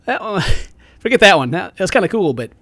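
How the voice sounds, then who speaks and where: A man giving excitable let's play commentary at home, yelping and laughing at the games he plays. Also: high voice, fast, no echo. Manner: excitable, yelps and laughs at the game. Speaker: gaming YouTuber.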